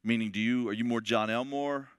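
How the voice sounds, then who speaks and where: A man preaching to a men's Bible study in an impassioned way, moving from shouts to hushed words. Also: medium pitch, steady tone, brisk, clear, resonant tone, no echo, studio quality. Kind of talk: sermon.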